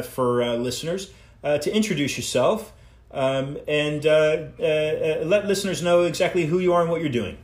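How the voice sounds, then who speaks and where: A man's voice: a little high, roomy sound. A man hosting an interview show, speaking hesitantly with many filler words. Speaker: show host.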